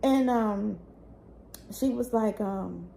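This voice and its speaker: A young woman tells her own painful story straight to the camera. Her voice is raw and tearful, and it climbs into pleading when she gets upset. Her pitch is average, with faint background noise behind her. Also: drawn-out words, gravelly, mellow. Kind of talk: emotional personal storytelling.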